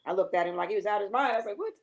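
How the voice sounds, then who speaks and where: An older woman, a guest singer, telling a lively story on a talk show and acting out the quotes with laughter. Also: mid-range voice, very fast, a crowd in the background.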